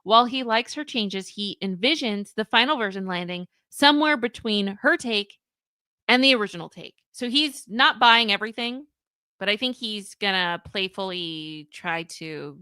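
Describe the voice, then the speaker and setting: A woman's voice: mid-range voice, normal speed, sharp tone, clear, resonant tone, dry recording, studio quality. A young woman hosting a live reaction stream, reading messages aloud and reacting with laughing disbelief. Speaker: commentary livestream host.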